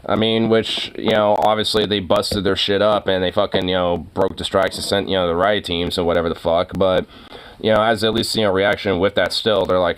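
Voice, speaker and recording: A man's voice: sits low, level tone, fairly quick, smooth. A man giving casual reaction commentary, rambling and profane, with many fillers. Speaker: streamer reacting to a video.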